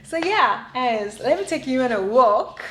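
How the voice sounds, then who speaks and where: A woman's voice: on the high side, lively intonation, a little fast, recorded from a distance, a little hiss or hum. A woman in her late twenties talking casually to her camera at home, rambling with lots of filler words. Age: late 20s. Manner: rambling, filler-heavy, many "like"s. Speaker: vlogger. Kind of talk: casual vlog chat to camera. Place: home kitchen, indoors. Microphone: camera mic. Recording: roomy echoey room.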